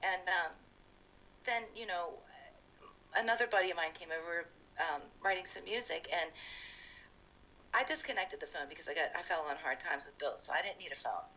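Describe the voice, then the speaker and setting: A woman from Ohio telling her story in a casual interview, chatty and animated, often acting out past conversations with fillers and restarts. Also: fairly low pitch, normal speed, long pauses, rough recording. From Ohio, USA. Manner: frequent fillers and restarts, laughs while telling.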